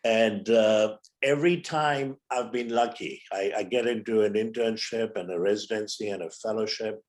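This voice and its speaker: A man's voice: fairly low pitch, normal speed. A man in his seventies from India, a physician and guest on an interview, telling stories and acting out the dialogue. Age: 70s. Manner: vivid storyteller who acts out quoted dialogue. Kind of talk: storytelling in a conversational interview.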